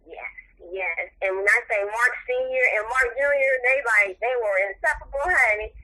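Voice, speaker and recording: Earnest middle-aged woman, bright voice. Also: fairly high pitch, moderate pace, rough recording. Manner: tearful, earnest, encouraging. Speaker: interview guest, mother of the subject. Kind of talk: emotional interview talk.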